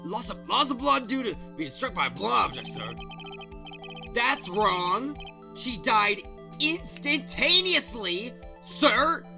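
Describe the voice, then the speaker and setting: A man voicing a gruff, eager police detective who answers loudly and earnestly, tacking "sir" onto his lines. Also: extremely high pitch, big pitch swings, takes it slowly, soft background music, pitched above the performer's own voice, full character voice.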